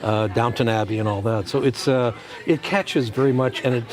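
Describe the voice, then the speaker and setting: A man with a middle-pitched voice talks about a painting on a televised auction from a studio. He is chatty but hesitant, stumbling and restarting as he gathers his thoughts. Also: normal speed. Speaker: art commentator. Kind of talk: unscripted on-air commentary.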